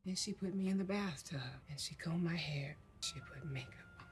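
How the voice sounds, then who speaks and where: An actress playing a hurt young woman speaking quietly and shakily in a film scene. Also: on the low side, normal speed, faint music behind, close to an everyday voice. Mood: shaken. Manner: quiet, shaken. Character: hurt young woman confronting her mother.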